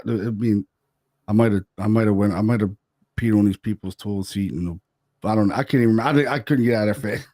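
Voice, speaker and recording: A man's voice: lowish voice, fairly quick, warm tone, no echo, clean studio sound. A man, a paranormal investigator, telling a story in a loose, chatty way, full of "man" and "you know". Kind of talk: casual storytelling.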